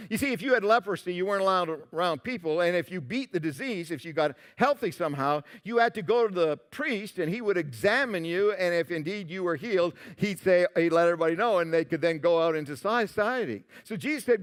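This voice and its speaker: A male pastor preaching a sermon, animated, moving between loud emphatic lines and quiet asides. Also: high-pitched, fast. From Canada.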